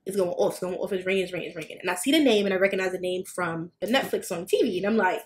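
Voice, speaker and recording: A woman on a podcast telling a personal story in casual chat, swearing freely and acting out quotes with sudden high, loud bursts. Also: racing. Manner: animated, swearing, acts out quotes with big jumps in pitch. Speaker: podcast co-host.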